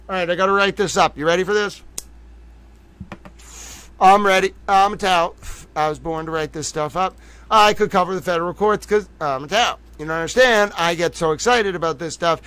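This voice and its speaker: Playful streamer guy, kinda high voice, giggly and jokey, chatting to viewers from his desk. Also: normal speed, bright, forceful tone, clean tone, dry recording. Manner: playful, giggly, self-mocking, talks to chat. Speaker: livestream news host. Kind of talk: live-streamed casual commentary.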